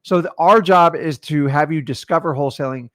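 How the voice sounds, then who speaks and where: A man with a slightly higher voice gives blunt business advice in casual chat. The sound is dry and close, with no room around him. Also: fairly quick, a bit bright, dry recording. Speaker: real estate investor co-host.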